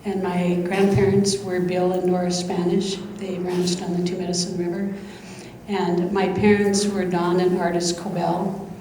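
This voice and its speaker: A woman's voice: lowish voice, little pitch movement, unhurried, mellow. A woman who sits on a conservancy board gives a short speech at a signing event. She sounds nervous and hesitant, with many ums. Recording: very echoey hall, faint background hum.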